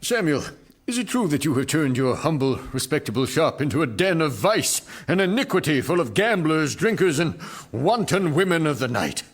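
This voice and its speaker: A man's voice: fairly high pitch, sing-song, normal speed. An actor playing a self-pitying, jobless young father who talks in a pompous, theatrical, whiny way. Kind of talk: radio sitcom acting.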